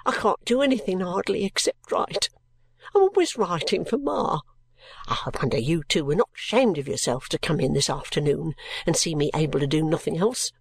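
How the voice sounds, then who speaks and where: A woman's voice: low-pitched, very animated, normal speed, vocal fry, breathy edge, no echo, heavily acted. Female reader voicing a sulky, resentful teenage girl, blunt and gloomy, dry close read. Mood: bitter.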